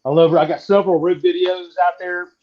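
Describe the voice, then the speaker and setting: A man from southeastern Virginia, chatting casually while demonstrating how to fry catfish. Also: high voice, fairly quick. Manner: folksy, relaxed, drawling. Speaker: cooking guest. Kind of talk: casual cooking demo on a live stream. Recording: dull lo-fi stream audio.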